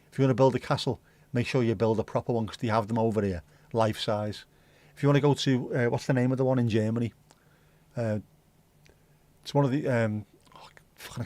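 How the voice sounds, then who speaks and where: A man hosting a casual livestream chat, rambling and ranting with plenty of swearing and answering viewers' comments out loud. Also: mid-range voice, dry recording. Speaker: livestream host. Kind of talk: casual chat with a live audience.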